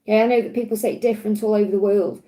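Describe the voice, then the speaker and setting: A woman with a Stoke-on-Trent accent, giving a gentle, chatty card reading on a live stream and answering viewers. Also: mid-range voice, fairly even intonation, racing, rough recording. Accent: Stoke-on-Trent English. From England. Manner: gentle, reassuring, chatty with frequent restarts. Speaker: tarot and angel card reader.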